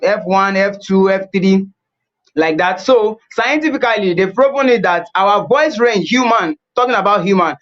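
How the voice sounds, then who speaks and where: High-voiced man teaching singing. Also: a bit bright, muffled recording. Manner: repeats key points, demonstrates at the piano. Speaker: vocal coach. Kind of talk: teaching a music webinar.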